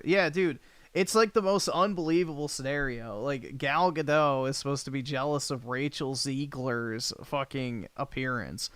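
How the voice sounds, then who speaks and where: A man hosting a livestream, talking in a blunt, crude and offhand way as he answers comments. His pitch sits in a middling range. The sound is close and dry, with no room echo. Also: sharp tone. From United States. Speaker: livestream host. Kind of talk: casual livestream chat reading comments.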